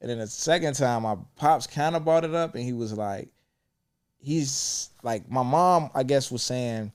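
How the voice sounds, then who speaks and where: A man's voice: medium pitch, unhurried, smooth. A young man hosting a podcast, talking candidly and reflectively with frequent swearing. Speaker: podcast host. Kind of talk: casual chat.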